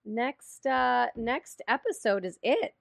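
A woman's voice: a little high, lively intonation, slow pace, creaky, dry recording, studio quality. Chatty, giggly woman podcast co-host. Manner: giggly, chatty, trails off and restarts. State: tired late at night. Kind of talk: casual chat. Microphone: studio microphone.

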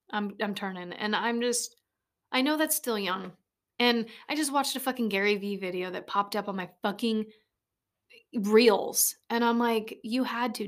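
Woman, late twenties, casual podcast monologue, swears a lot, rambling, laughs easily, small home studio mic. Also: medium pitch. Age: late 20s. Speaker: podcast host. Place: small converted shed recording studio. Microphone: studio microphone.

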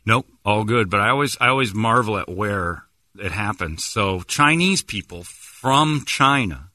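A man with a bright, ringing voice hosts a sports radio show and rambles through teasing, provocative banter. His pitch swings widely and sits a little low. The sound is dry and close, with no room echo. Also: lively intonation, a little slow. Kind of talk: joking studio banter.

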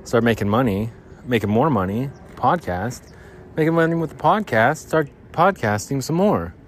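A middle-aged man rambling through a casual podcast monologue at an ordinary pitch, slangy and loose, tossing in "dude" as he drifts between thoughts. A faint hiss sits under the recording. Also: animated, normal speed. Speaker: podcast host.

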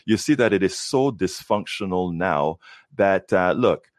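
A man's voice: low voice, animated, measured pace, no room sound, studio quality. A man, a guest on a show, talking politics emphatically and stopping to restart his sentences. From United States. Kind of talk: conversational political discussion.

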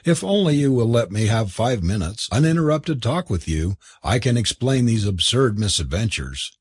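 A man reading a novel aloud and voicing an anxious, polite young gentleman, with a husky voice. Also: on the low side, very animated, moderate pace, no room sound, studio quality. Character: earnest young gentleman suitor. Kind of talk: audiobook character voice.

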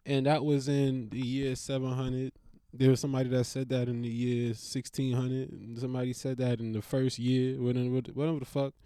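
A comedian delivering a profane, rambling rant to camera, often stammering and restarting, and loudly cussing out a barking dog. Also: mid-range voice, little pitch movement, fairly quick, clean tone, no echo, studio quality. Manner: loud profanity-laced scolding, stammering restarts.

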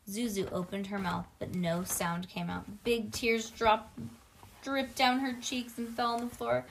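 A woman's voice: mid-range voice, moderate pace, a little hiss or hum. A woman reading a children's book aloud to a child at home, with casual asides to the child.

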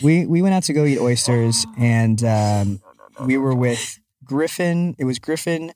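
A man's voice: medium pitch, lively intonation, unhurried, darkish tone, no room sound. Young man, teasing podcast storyteller, dry, close. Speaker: podcast co-host.

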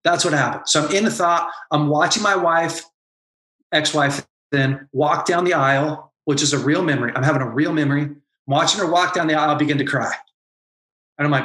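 A man's voice: fairly high pitch, a little fast, pushed and bright, echoey room. A man and former pastor, talking as a podcast guest and telling an emotional personal story with earnest intensity. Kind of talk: candid podcast conversation.

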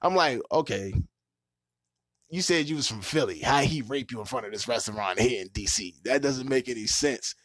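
A man hosting a podcast, telling a story in a casual, animated way and laughing often. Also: medium pitch, normal speed, no echo, studio quality. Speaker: podcast host.

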